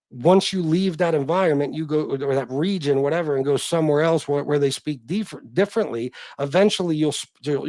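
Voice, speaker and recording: A man's voice: a little high, dark tone, dry recording. A middle-aged man hosting a casual livestream, reading chat comments and talking in a blunt, profane, self-deprecating way.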